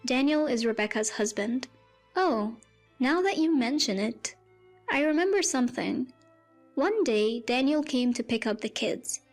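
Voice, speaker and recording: Female narrator, first-person scripted story, higher register, light music bed. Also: lively intonation, measured pace. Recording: faint music behind.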